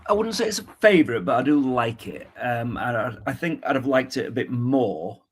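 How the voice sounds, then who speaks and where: A man on a podcast panel, chatting casually in a halting way with frequent laughs. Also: mid-range voice, expressive, slightly rough. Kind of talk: casual chat.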